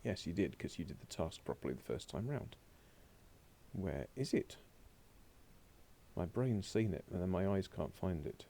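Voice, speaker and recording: Man, deep voice, mellow tone, French teacher, remote lesson, chatty, talks himself through slides on a laptop. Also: very animated, normal speed, gravelly. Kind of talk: recorded remote lesson with screen commentary. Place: home or classroom desk at a laptop.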